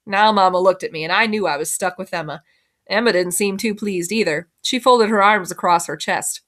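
A woman's voice: medium pitch, a little fast, fairly bright tone. A woman teacher reading a first-person novel aloud in plain storytelling, sometimes correcting herself.

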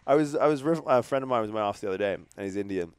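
A man's voice: fairly low pitch, racing, clear, resonant tone, no room sound. A man, hosting a podcast and telling rambling, profane stories in casual chat. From Canada. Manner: profane, rambling, energetic storytelling. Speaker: podcast host.

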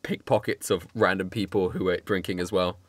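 A man's voice: sits low, steady tone, brisk, no room sound. A man narrating and running a tabletop role-playing game as game master, laughing often and restarting his sentences.

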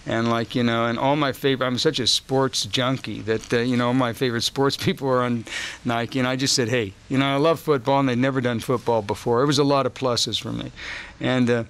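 Guy chatting at a press junket, smooth resonant voice, laid back, rambles and chuckles. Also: mid-range voice, brisk. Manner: relaxed, rambling storytelling with chuckles. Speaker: actor interviewed about his film role. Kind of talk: press junket roundtable interview. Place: hotel press junket room, indoors.

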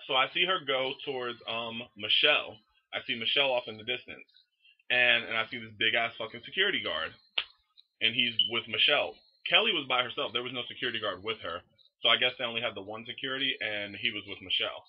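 A young man casually telling a story to camera in an excitable, profane, animated way. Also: mid-range voice, fast talker, lo-fi sound. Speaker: vlogger.

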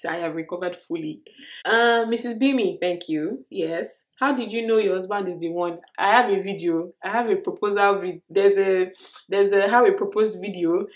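A young woman with a Nigerian accent talks through viewer questions in a relaxed vlog. She is expressive and animated, laughing often and trailing into fillers. Her voice sits at an ordinary middle pitch. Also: normal speed. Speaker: vlogger answering viewer questions. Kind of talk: casual Q&A vlog.

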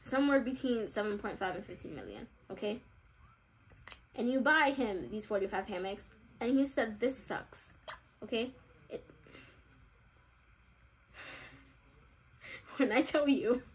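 A woman's voice: fairly high pitch, expressive, a little slow, long pauses. A young woman vlogger giving casual, chatty commentary while playing a game, with giggly, exaggerated reactions. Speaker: gaming vlogger.

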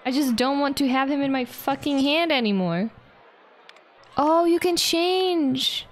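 A young woman streaming a park-building game, excitable, swearing a lot and laughing often. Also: high voice, a little slow. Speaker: vtuber streamer. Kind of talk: casual gameplay commentary.

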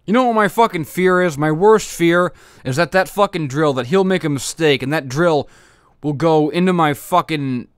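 A high-voiced man rants in a stream of exasperated profanity. His face is numb from the dentist, yet he keeps hammering on his complaints. The sound is dry and close. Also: moderate pace, clean tone, dry recording. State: half his face numb from dental work. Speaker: podcast host. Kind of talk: angry comedic rant.

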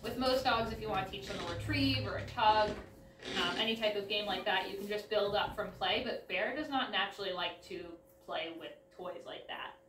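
A woman's voice: medium pitch, moderate pace, fairly bright tone, a little hiss or hum. A woman showing her dogs' tricks at home, explaining casually between short, upbeat commands to the dog. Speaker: dog trainer and vlogger. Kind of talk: casual demonstration. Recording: roomy sound, mic at a distance, faint ambience.

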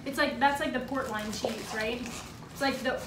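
Dry-humored young woman, high voice. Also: normal speed. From Canada. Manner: relaxed, dry, sarcastic. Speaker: guest friend. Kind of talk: casual chat mukbang. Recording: echoey room, distant mic, clear noise.

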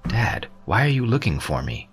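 A man's voice: lowish voice, sing-song, moderate pace, pitched above the performer's own voice. A man voicing a young male cultivator who talks to his father in a pleading, slightly defensive way. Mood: earnest. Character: young male cultivator, earnest, a bit guilty. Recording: soft background music.

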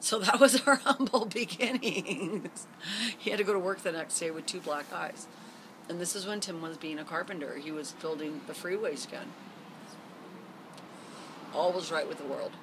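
A woman's voice: deep voice, normal speed, long pauses. Middle-aged lady rambling thru a story to her camera outside, lots of ums, windy noisy garden. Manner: rambling, candid, many fillers and restarts. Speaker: vlogger.

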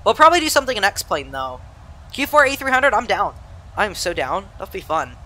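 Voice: medium pitch, big pitch swings, fairly quick, bright, forceful tone. A young adult from Southern California casually chatting on a live stream, reading and answering chat while flying, laughing easily and poking fun at themself. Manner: laughs easily, self-deprecating. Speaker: flight sim streamer.

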